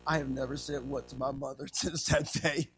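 A man's voice: medium pitch, fairly quick, over music. A man in his fifties preaching a sermon, telling funny stories and acting out the voices in them. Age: 50s. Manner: animated storytelling, acting out quotes; humorous.

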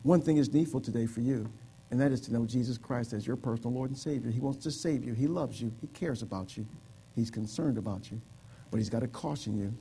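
A man's voice: medium pitch, a little fast, gravelly, warm tone, a little hiss or hum. A man preaching a sermon in a church, pleading with the congregation in a repetitive preaching cadence and leading an altar call. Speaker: pastor. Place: church sanctuary.

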